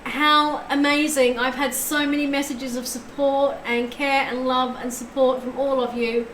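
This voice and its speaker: High-voiced, chatty woman tarot reader. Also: a bit bright, echoey room, slight background noise, rough recording. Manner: effusive, chatty, thanks viewers often. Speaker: tarot reader and live streamer. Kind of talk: live-stream tarot reading chat.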